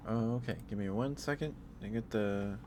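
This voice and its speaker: A man streamer ending his stream, talking softly and rambling with fillers, his throat dry and his voice wearing out. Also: on the low side, normal speed, noisy background. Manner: soft-spoken, rambling with fillers. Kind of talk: end-of-stream chat. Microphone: headphones and desk mic.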